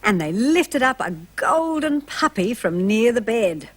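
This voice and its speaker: A woman narrating a storybook for young children, gentle and expressive, asking the listeners questions. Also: fairly high pitch, unhurried.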